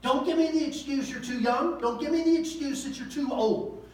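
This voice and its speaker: A male pastor preaches in a folksy, conversational manner, using slang and pointed rhetorical questions. His very high, slightly mellow voice moves at normal speed and sounds distant in an echoey room.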